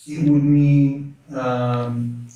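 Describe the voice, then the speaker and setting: A man teaching a lesson in a mosque classroom, explaining terms in a quick, conversational way with many restarts. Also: mid-range voice, level tone, warm tone, highs cut off. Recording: echoey room from a distance.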